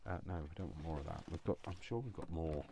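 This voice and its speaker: A man's voice: very deep voice, lively intonation, quick pace, background noise. A man chatting casually to himself as he makes crafts, rambling with jokey asides. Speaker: craft channel host.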